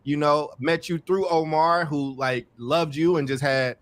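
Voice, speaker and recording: Man, podcast host, casual chat, effusive, a bit high-pitched. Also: fairly even intonation, a little slow. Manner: warm, effusive, laughs often, repeats himself.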